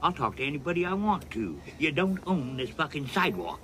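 A man's voice: on the high side, sing-song, a little fast, fairly bright tone. An actor playing a foul-mouthed angry homeless man who swears and rants insults, heard in a film clip. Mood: irritated.

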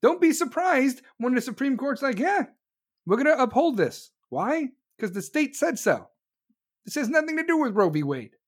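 A combative livestream host taking callers rants through political commentary, cursing freely and talking fast in bursts. The high, sing-song voice mocks opponents in sarcastic put-on voices, then snaps back into a blunt, scornful delivery.

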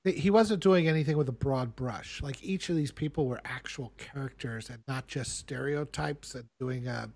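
A man casually chatting about films as a podcast co-host, earnest and explaining at length with halting restarts. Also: mid-range voice, vocal fry, a little mellow.

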